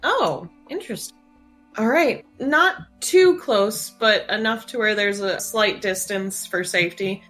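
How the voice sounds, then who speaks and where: A woman playing a tabletop role-play game, talking quickly, eager and apologetic. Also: mid-range voice, lively intonation, a bit bright, soft background music. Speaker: player.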